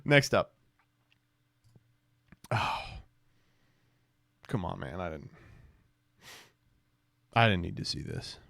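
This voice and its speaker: A man's voice: low-pitched, sing-song, drawn-out words, vocal fry, pauses often, fairly bright tone, dry recording, studio quality. A man streaming, giving casual, mocking reaction commentary in a rambling way.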